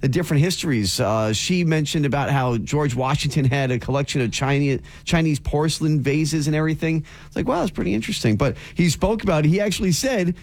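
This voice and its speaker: A man co-hosting a radio talk show, chatting in a quick, excitable way. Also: on the high side, dry recording. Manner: quick, excitable, self-described nerd. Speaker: radio co-host. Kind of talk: casual chat.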